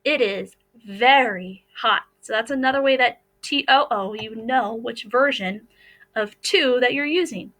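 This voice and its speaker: A woman's voice: on the high side, normal speed, fairly bright tone, rough recording. A woman teacher with an American accent, explaining a phonics lesson over slides in a patient, step-by-step way.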